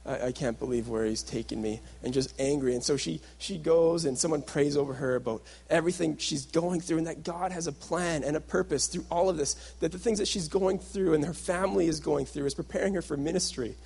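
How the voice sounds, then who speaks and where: Husky man preaching a personal story. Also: on the high side, steady tone, a little fast, few pauses, darkish tone. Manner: storytelling, acts out his past self and others in quotes. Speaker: workshop speaker. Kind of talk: sermon-style talk.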